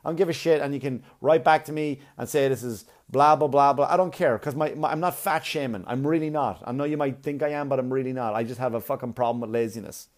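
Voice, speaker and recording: A man's voice: medium pitch, fast, hardly any pauses. A man on a blunt, profane comic rant, arguing and mocking as he goes. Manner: blunt, swearing, argumentative, mocking.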